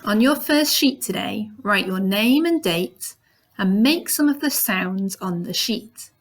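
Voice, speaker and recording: Woman teacher for a kids' lesson, unhurried and patient, pitch in the middle. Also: expressive. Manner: demonstrates sounds, bilingual repetition. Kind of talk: slow, clear lesson for young children.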